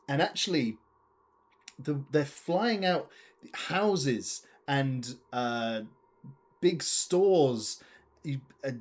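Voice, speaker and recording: A man narrating as game master of a tabletop game, unhurried, with many fillers. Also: medium pitch, expressive.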